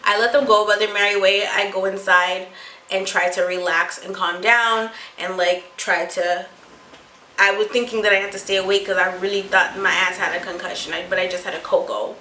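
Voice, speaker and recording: A young adult woman telling a storytime vlog to her viewers, animated and full of swearing. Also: medium pitch, fairly quick, echoey room, a little hiss or hum, low-quality recording. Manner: animated, profane storytelling, often addressing viewers. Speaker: vlogger.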